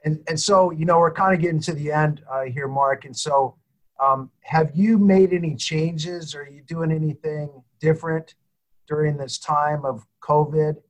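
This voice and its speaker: A male interviewer wrapping up a conversation, asking long, loose questions full of ums and uhs. His voice sits a touch high for a man. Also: steady tone, normal speed, low-quality recording. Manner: loose, rambling questions with fillers. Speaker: podcast host, interviewer.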